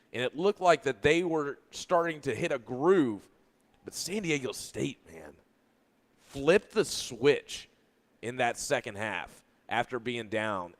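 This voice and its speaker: A man's voice: medium pitch, a bit bright. A man co-hosts a sports radio show and talks basketball in a loose, casual way. He wanders from point to point and restarts his sentences, speaking into a studio mic. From Louisville, Kentucky.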